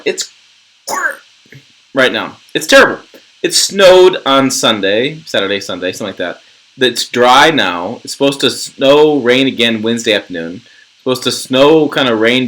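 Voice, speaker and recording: A man's voice: mid-range voice, fairly bright tone, rough recording. A middle-aged man from Western Nebraska hosting a casual livestream, chatting in a rambling, jokey way and reading viewer comments. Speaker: channel host.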